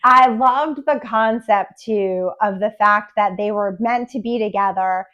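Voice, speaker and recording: A woman co-hosting a podcast, asking questions and reflecting calmly on a book in casual chat. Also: medium pitch, a little slow, dull audio. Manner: leads questions, steady and agreeable. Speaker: podcast co-host.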